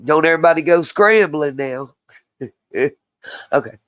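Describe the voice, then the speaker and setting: A woman's voice: low voice, lively intonation, measured pace, muffled recording. Woman host, livestream commentary, blunt and heated. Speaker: channel host.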